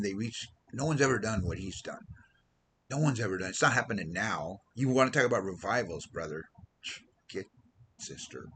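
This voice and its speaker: A man's voice: fairly low pitch, a bit bright, a little hiss or hum, low-quality recording. A man preaching an informal sermon as a missionary, rambling and losing his train of thought now and then. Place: Philippines.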